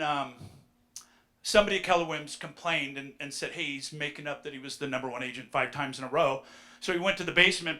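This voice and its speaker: Energetic, bright-voiced man giving a talk. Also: a little high. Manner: energetic, storytelling, addresses the audience directly. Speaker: real estate speaker. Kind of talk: live conference talk. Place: conference room with audience.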